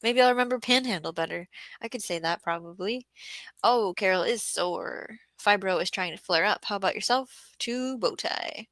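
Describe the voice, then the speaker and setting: Woman streamer, gravelly bright voice, tired, casual gardening chat, close dry mic. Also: mid-range voice, moderate pace, no echo. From Southeast Florida. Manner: chatty, thinks aloud, frequent throat clearing. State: tired after a bad day. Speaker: gardening livestream host. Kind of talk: casual live-stream chat reading comments.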